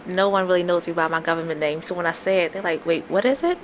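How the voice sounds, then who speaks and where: A woman's voice: fairly low pitch, flat delivery, background noise. Emphatic woman, radio guest chat. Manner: emphatic, quick to agree. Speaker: guest artist.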